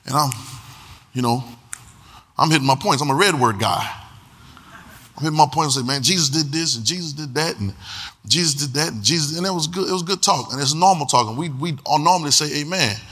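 A man's voice: a little high, brisk, pushed and bright, breathy edge. A man pastor preaching a sermon in a church, repeating phrases and singing out lines with emphasis. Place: church sanctuary. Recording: long hall reverb.

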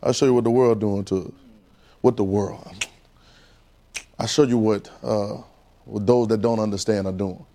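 A man's voice: on the low side, steady tone, moderate pace, pauses often, dark tone, slight background noise. A man with a Southern US accent preaching a sermon in a casual, coaxing call-and-response style.

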